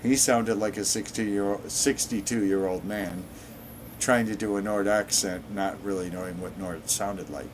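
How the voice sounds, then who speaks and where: A man's voice: on the low side, steady tone, measured pace, a little hiss or hum. A man in his sixties reading an in-game book aloud on his gaming channel, dropping in sarcastic asides.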